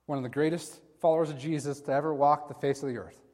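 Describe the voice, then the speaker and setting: A man's voice: fairly high pitch, steady tone, fast talker, a little mellow. A man preaching a sermon in a conversational way, talking to his listeners as guys. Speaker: pastor. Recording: long hall reverb.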